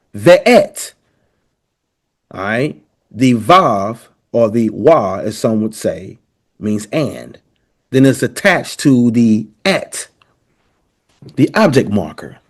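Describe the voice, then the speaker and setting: A man teaching a lesson, explaining points emphatically and checking in with his listeners as he goes. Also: medium pitch. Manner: emphatic, addresses listeners directly, checks in often. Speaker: teacher presenting a language comparison. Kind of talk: lecture-style explanation.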